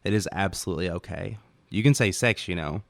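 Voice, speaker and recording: A man's voice: low voice, fairly quick, vocal fry, no echo. A man voicing a young woman, a teasing and blunt long-distance girlfriend, in an audiobook. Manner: teasing, playful then blunt.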